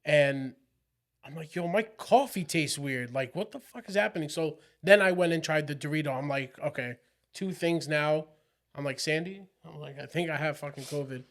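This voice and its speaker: Man with a higher voice telling an offhand anecdote. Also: moderate pace, fairly bright tone. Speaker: podcast guest. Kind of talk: casual chat.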